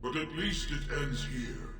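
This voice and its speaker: An actor playing a solemn, weary ancient dwarf smith who speaks formally. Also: male voice, medium pitch, lively intonation, a little slow, bright, forceful tone. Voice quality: grave, formal. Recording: echoey, distant, over game music.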